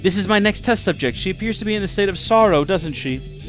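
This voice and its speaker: A man's voice: high-pitched, animated, quick pace, faint music behind. A man voicing a fussy male alien researcher who speaks stiffly and formally, ending his remarks with little tag questions. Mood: prim, inquisitive.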